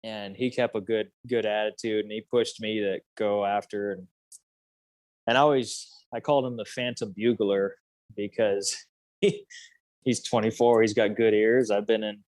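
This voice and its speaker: Low-voiced man in his 30s. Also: fairly even intonation, moderate pace, darkish tone, no echo. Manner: loose and rambling, heavy on fillers and "dude". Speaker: podcast guest. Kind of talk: casual storytelling.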